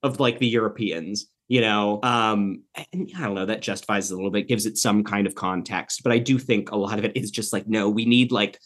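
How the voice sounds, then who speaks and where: Rambling, animated man talking movies. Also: fairly low pitch, brisk, hardly any pauses. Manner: rambling, animated, swears a lot, many fillers. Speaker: podcast co-host. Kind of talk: casual movie discussion.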